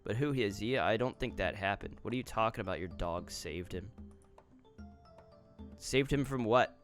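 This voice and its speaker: A man's voice: fairly low pitch, fairly quick, a bit bright. A man streaming, reading online posts aloud and reacting with casual, offhand commentary. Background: faint guitar music.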